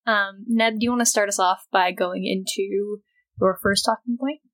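A woman co-hosting a casual fan podcast, loud, teasing and excitable. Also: mid-range voice, normal speed, no room sound. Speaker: podcast co-host. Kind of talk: casual chat.

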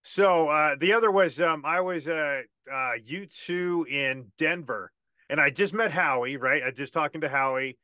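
Bright, high-voiced man telling excited stories. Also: a little slow, smooth, no room sound, clean studio sound. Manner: excited anecdotes, many restarts. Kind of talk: casual chat.

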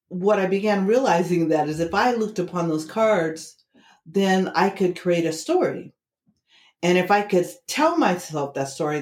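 A middle-aged woman with a slightly low voice tells a story as an interview guest, animated and slipping into the voices of the people she quotes. Her voice rings in a roomy, echoey space. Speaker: interview guest, tarot teacher. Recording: roomy echo.

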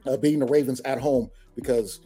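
A man arguing his picks on a casual sports talk show, measured with many restarts. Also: medium pitch, warm tone, husky, soft background music. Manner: measured, halting, lots of restarts. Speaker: panelist.

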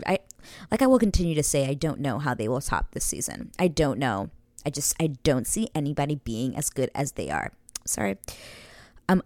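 A woman's voice: low voice, a little mellow, no room sound. A young woman casually recapping a TV episode, chatty and gushing, sometimes dropping to a whisper. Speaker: show recap host.

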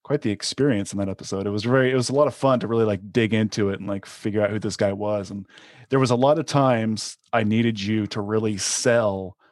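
Earnest low-voiced man guesting on a podcast. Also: a little fast, no echo, clean studio sound. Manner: earnest and warmly appreciative. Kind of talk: casual podcast chat.

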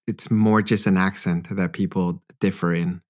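A man with a fairly low voice hosts a podcast and asks his guests follow-up questions. He sounds curious and friendly. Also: fairly even intonation, moderate pace, a little mellow. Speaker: podcast host. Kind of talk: interviewing.

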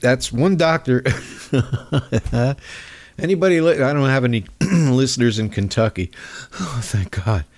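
A man's voice: medium pitch, animated, a little slow, a little mellow. A man hosting a podcast, delivering a sarcastic, mocking comedic political monologue. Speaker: podcast host.

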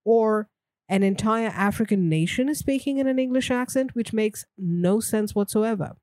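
A woman's voice: medium pitch, moderate pace, darkish tone, dry recording, clean studio sound. A woman co-hosting a podcast in casual chat, talking thoughtfully and laughing easily. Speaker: podcast co-host.

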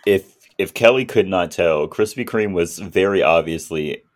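A man's voice: deep voice, moderate pace. A man co-hosting a podcast, casually recapping a movie's plot and acting out its characters' lines. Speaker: podcast co-host.

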